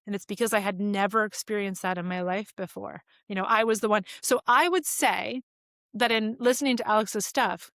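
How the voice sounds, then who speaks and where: A woman in her forties speaks as a podcast guest, open and reflective as she tells personal stories. Her voice sits at a middle pitch. The recording is dry, with no room sound. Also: steady tone, normal speed, a bit bright, no room sound. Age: 40s. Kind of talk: casual conversation.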